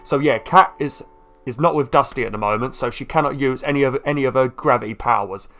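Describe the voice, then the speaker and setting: A man chatting quickly and self-deprecatingly while commenting on his gameplay. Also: mid-range voice, pushed and bright. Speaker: gameplay video creator. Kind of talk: let's play commentary.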